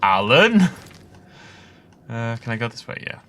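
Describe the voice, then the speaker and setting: A man's voice: mid-range voice, very animated, unhurried, a bit bright, a little hiss or hum. A man casually commentating on his gameplay, chatty and rambling, laughing often. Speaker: let's play host.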